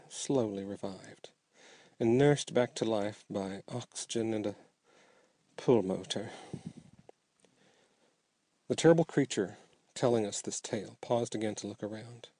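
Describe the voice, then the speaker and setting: Man telling a dark tale, mellow voice. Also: medium pitch, measured pace, long pauses, dry recording. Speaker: narrator. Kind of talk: audiobook storytelling.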